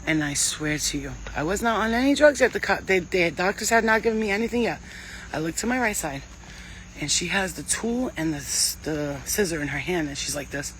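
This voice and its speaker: A woman's voice: lowish voice, lively intonation, fairly quick, a bit bright, a little hiss or hum, low-quality recording. A woman psychic medium giving a casual spiritual reading and telling stories in a blunt, chatty way, swearing freely.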